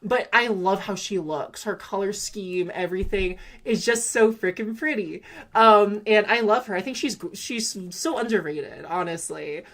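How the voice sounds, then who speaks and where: A woman's voice: medium pitch, moderate pace, a bit bright. Rambling young Valley Girl streamer. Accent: Californian Valley Girl. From California. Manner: rambling, with many fillers and self-corrections. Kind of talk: casual live gameplay chat.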